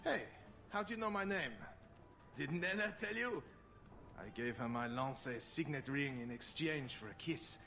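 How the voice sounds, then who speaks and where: A man's voice: fairly high pitch, expressive, a little slow, creaky, bright, forceful tone, faint music behind, heavily acted. An actor voicing a naive, boastful young man in a video game who stammers when nervous. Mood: cocky.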